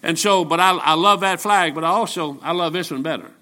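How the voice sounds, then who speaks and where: A man's voice: on the high side, brisk, sharp tone. A man, a traveling evangelist, preaching a sermon in a church in a folksy, storytelling way, often restarting his sentences.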